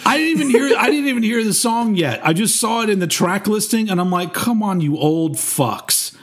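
A man in casual podcast chat, ranting in an animated way with many restarts. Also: high voice, fast. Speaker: podcast co-host.

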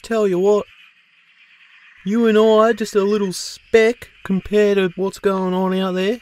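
A man's voice: high voice, flat delivery, a little slow. A man voicing a laid-back male sasquatch in a cartoon, with an Australian accent, drawling and swearing a lot. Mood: chill. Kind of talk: cartoon voice acting.

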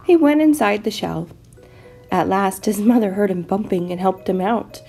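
A woman teacher reading a children's picture book aloud, expressive and animated. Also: medium pitch, moderate pace, gravelly, slightly rough, faint music behind.

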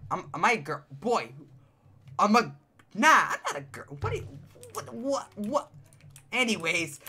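A male game streamer with a high-pitched voice that sometimes cracks, chatting excitedly and answering his live chat while he plays. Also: unhurried, long pauses, breathy edge. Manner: excitable, chatty, reacts to chat, repeats phrases.

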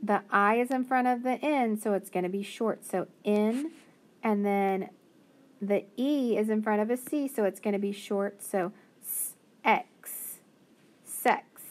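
A woman's voice: mid-range voice, a little mellow. A woman teacher giving a phonics lesson to young children, patiently sounding out each word. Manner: slow, patient, sounding out words.

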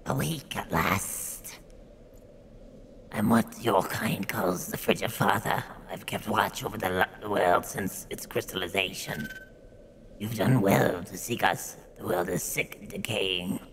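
A man voicing an ancient, ominous male ice spirit from a video game, speaking slowly and solemnly. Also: on the low side, expressive, vocal fry, a bit bright, slight background noise, exaggerated voice. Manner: slow, solemn, drawn-out delivery. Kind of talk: gameplay dialogue read in a put-on voice.

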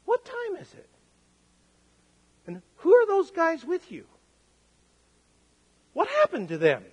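A man's voice: wildly swooping pitch, exaggerated voice. A male preacher voicing a startled wife woken in the night who fires off alarmed questions at her husband. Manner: shrill rapid questioning. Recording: long hall reverb.

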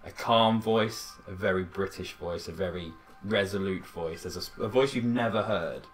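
A man narrating a tabletop game as dungeon master, measured and descriptive. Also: low-pitched, faint music behind.

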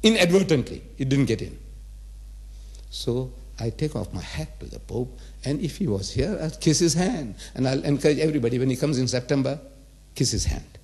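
Speaking at a normal speed with lively intonation, this seventy-something lecturer preaches publicly on religion, repeating points emphatically and posing rhetorical questions. His voice is mid-range with a darkish tone.

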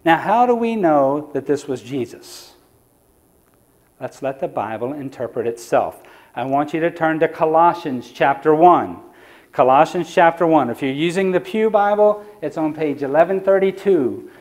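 A man's voice: fairly high pitch, animated, normal speed. A man preaching in a church, teaching the audience in a conversational lecture style and asking them questions. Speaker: evangelist.

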